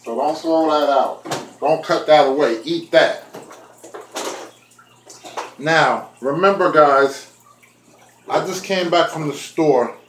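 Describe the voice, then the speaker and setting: A man's voice: on the high side, takes it slowly, long pauses, roomy sound, a little hiss or hum, poor audio. A man chatting casually to his viewers while he makes food in his kitchen, talking to them directly. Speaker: vlogger. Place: home kitchen.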